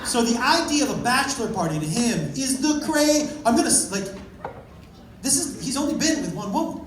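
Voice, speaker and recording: A man telling a story in a stand-up set, punchy and loud at times, swearing freely. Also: very high voice, lively intonation, fairly quick, a little hiss or hum. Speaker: stand-up comedian. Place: comedy club stage with a live audience. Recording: echoey, distant live club recording with a loud crowd.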